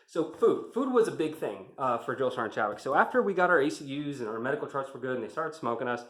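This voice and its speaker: Guy rambling about army days, cusses a lot, gets heated, middle pitch, echoey room. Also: fairly bright tone. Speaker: army veteran vlogger. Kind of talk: casual storytelling. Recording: roomy echo.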